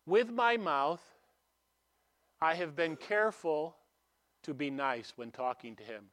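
A man preaching a sermon in a conversational way, asking rhetorical questions and swinging between emphatic and hushed delivery. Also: a little high, lively intonation, slow pace.

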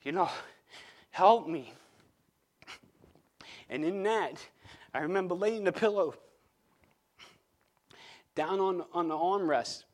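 Earnest New man with a higher voice. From Long Island, New York. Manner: earnest, halting, repeats words. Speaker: speaker giving a testimony. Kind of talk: personal faith testimony.

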